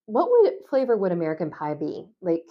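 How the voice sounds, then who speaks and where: A woman's voice: fairly low pitch, wildly swooping pitch, a little fast. A woman co-hosting a trivia podcast, chatting casually with dry, wry asides. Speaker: trivia show co-host. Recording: dull lo-fi sound.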